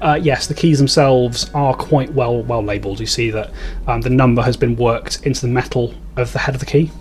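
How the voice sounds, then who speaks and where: Male game master, mid pitch, rambling scene descriptions. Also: fairly even intonation, a little fast, a little mellow, soft background music. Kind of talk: narrating a tabletop game.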